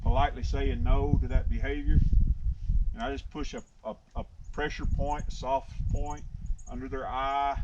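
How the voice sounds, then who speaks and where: A man's voice: mid-range voice, steady tone, normal speed. A middle-aged man training a horse, talking in a plain-spoken, drawling way and murmuring soothingly to the animal in an outdoor pen. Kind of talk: casual explaining while working. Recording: dull lo-fi outdoor audio with noise.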